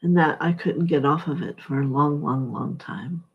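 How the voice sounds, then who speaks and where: A middle-aged woman speaking as a spiritual speaker, sharing a personal testimony in a halting, heartfelt, soft-spoken way. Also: low voice, gravelly, breathy edge, lo-fi sound.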